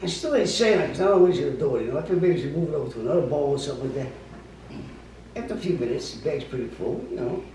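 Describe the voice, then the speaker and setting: Gruff profane New storyteller man. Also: fairly high pitch, lively intonation, rapid-fire, mellow. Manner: gruff, profane, acts out quotes. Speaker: storyteller guest. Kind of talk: casual anecdote telling. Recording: echoey room, distant mic, faint noise.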